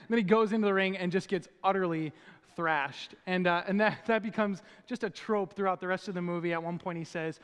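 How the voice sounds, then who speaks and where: Male pastor, high voice, relaxed joking sermon delivery, long church reverb. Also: fairly quick, clear, resonant tone. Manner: conversational, joking preacher. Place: church auditorium.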